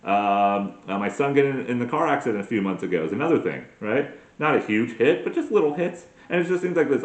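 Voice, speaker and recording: A man's voice: mid-range voice, expressive, brisk, reverberant. A man in his forties doing a crude, self-mocking comedic monologue as a podcast host, full of profane rants. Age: 40s.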